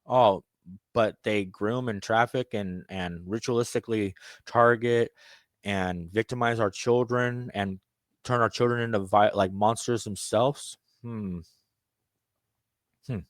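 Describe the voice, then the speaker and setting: A man delivering a profane, rambling, conspiratorial monologue, swinging between loud outbursts and muttered asides. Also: on the low side, steady tone, slow, pauses often, no echo, studio quality. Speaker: self-styled candidate addressing viewers. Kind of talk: ranting monologue.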